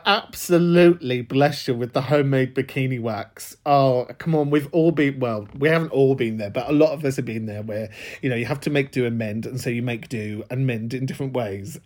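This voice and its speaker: A man's voice: mid-range voice, a little mellow. A man with a London accent hosting a podcast, responding to a caller in a camp, laughing, sweary way. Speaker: podcast host. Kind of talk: casual podcast chat.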